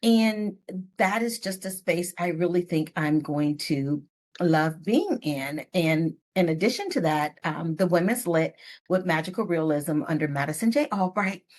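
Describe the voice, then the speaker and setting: A middle-aged woman author telling stories in a podcast interview, expressive and playful with asides. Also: lowish voice, measured pace. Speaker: guest author. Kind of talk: podcast interview, casual storytelling.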